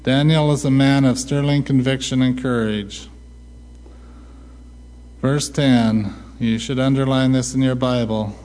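A man preaching a sermon, asking rhetorical questions and answering them himself with a slow, deliberate delivery. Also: mid-range voice, steady tone, a little mellow. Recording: long hall reverb.

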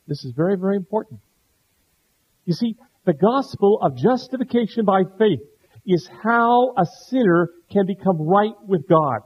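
A middle-aged man preaching a sermon, earnest, dropping to a hush and then rising to stress a point. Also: sits high, slightly rough. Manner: earnest, swings between hushed and emphatic. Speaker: pastor. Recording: dull lo-fi sound.

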